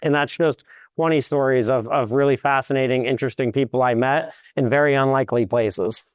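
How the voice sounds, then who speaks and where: A man who works as a commercial real estate broker, a guest in an interview, telling lively anecdotes. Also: mid-range voice, brisk, clean tone, no room sound. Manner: lively anecdotes, acts out quotes. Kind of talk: animated storytelling in an interview.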